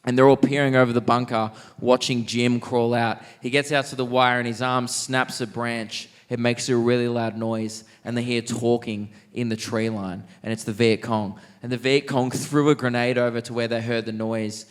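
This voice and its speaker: An Australian man doing stand-up in a theatre, telling a story quickly and with lots of animation. His voice sits at an ordinary middle pitch. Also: clear, resonant tone, in a large hall. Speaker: stand-up comedian. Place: theatre stage.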